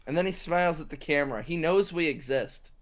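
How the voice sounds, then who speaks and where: A man co-hosting a casual podcast chat, animated and laughing, often restarting his sentences. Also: on the high side, brisk. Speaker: podcast co-host.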